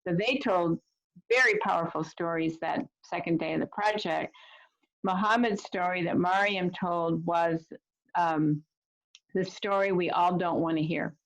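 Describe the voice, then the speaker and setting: Woman storyteller, fairly low, gravelly tone, earnest and gentle, muffled video call audio. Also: unhurried. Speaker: storyteller and teacher of refugee youth. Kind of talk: reflective storytelling talk.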